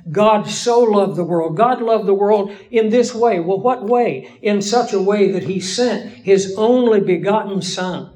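A man lecturing a Bible class in a measured, explanatory way, with emphatic pauses. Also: high voice, darkish tone, poor audio. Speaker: Bible teacher.

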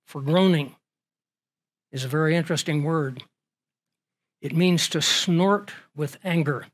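Preacher man with a fairly high voice. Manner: earnest, rhetorical questions, swells and drops in volume. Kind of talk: sermon.

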